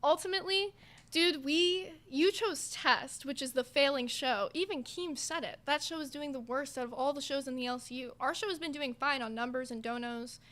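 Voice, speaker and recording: Woman co-host, high and bright, combative, call-in stream argument. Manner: combative, rapid accusatory questions.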